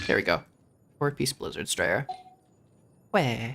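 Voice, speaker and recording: A man's voice: mid-range voice, sing-song, very slow, gravelly, background noise. A man streaming a game as a VTuber, chatting casually and playfully with frequent laughs and joking asides. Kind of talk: casual gaming commentary. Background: game music.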